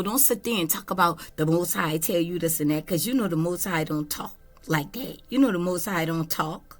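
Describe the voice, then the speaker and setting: A woman's voice: medium pitch, pitched below the performer's own voice, close to an everyday voice. A woman voicing a scornful relative who mocks someone's spiritual talk, scolding and dismissive.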